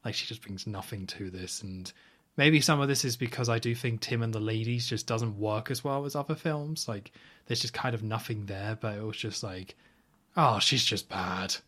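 A man's voice: lowish voice, normal speed, fairly bright tone. A man hosting a podcast, casually retelling film scenes in a rambling, opinionated way. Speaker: podcast host. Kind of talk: casual film recap chat.

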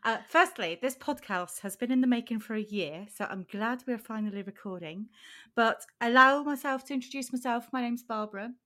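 This is a woman originally from Switzerland, co-hosting a relaxed chat podcast. She tells her story in a friendly, chatty way, breaking into laughter often. Her voice sits slightly on the high side. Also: fairly quick. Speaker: podcast co-host. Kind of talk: casual chat.

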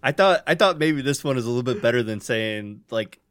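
A man's voice: medium pitch, expressive, a little fast, fairly bright tone, dry recording, clean studio sound. A man co-hosting a casual podcast, talking in a rambling, playful way. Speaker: podcast co-host. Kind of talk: casual chat.

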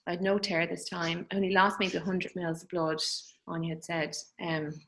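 A woman in her thirties telling her birth story in an interview, tender and halting, with many fillers. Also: fairly low pitch, flat delivery, fairly bright tone, low-quality recording. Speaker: guest. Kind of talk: personal birth story in conversation.

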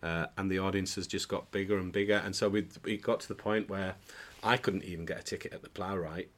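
On an indoor podcast, a pantomime dame actor chats as a guest, his low, steady voice brisk and fairly bright. He tells jokey anecdotes in a storytelling manner, with plenty of restarts and sudden laughter.

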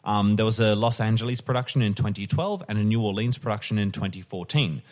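A man's voice: fairly low pitch, quick pace, darkish tone. Chatty man reading a show history. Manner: chatty, self-correcting, wry asides. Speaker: podcast host.

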